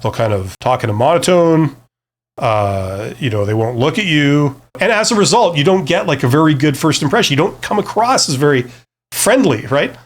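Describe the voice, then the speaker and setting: A man's voice: on the high side, sing-song, moderate pace. A man talking casually to camera with career advice, rambling and self-deprecating, full of fillers and restarts. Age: adult past his early twenties.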